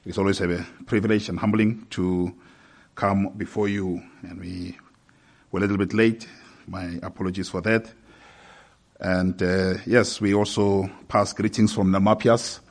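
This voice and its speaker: Man preaching, measured with fillers. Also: deep voice, fairly even intonation. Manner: measured preaching with hesitant fillers, rising in force when reading scripture. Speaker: pastor. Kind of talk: sermon.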